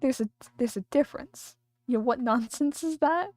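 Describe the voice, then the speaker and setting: A woman's voice: sits high, normal speed, a little mellow, no echo. A woman streamer chatting casually and rambling while she draws on a livestream. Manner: chatty, rambling, thinking aloud.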